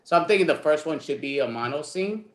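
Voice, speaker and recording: A man's voice: on the high side, animated, quick pace, reverberant. Rambling man hosting an improv jam. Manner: rambling, jokey, loose. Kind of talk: casual hosting. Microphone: video call.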